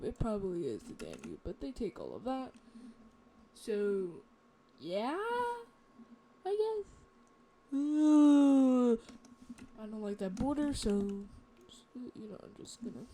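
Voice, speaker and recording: Slow, rambling woman narrating a map. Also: a little high, warm tone, slight background noise. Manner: rambling and self-mocking. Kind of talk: casual commentary over a map.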